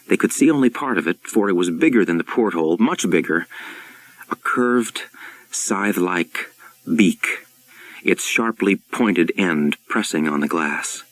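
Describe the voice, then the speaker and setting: A man with a very deep, low voice reads a novel aloud. His narration is steady and measured, like an audiobook. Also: no room sound, poor audio. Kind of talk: audiobook-style reading.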